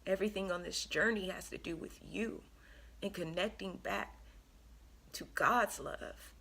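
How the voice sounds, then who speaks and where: A woman giving an earnest, emotional spiritual card reading to her viewers, pausing often with ums. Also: mid-range voice, bright, forceful tone, husky. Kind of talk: tarot reading monologue.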